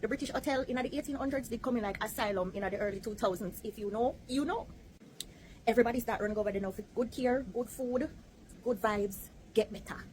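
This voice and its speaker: A woman from Jamaica with a Jamaican accent, telling a history story in chatty patois with lively asides. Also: a little high, fairly quick, slight background noise, poor audio. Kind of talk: casual storytelling to camera.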